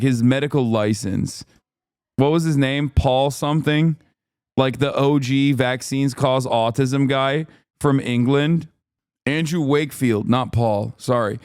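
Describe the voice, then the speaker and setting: A man's voice: medium pitch, smooth, no room sound, studio quality. A man hosting a livestream, reacting with sarcastic, rambling commentary and frequent laughs. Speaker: streamer host.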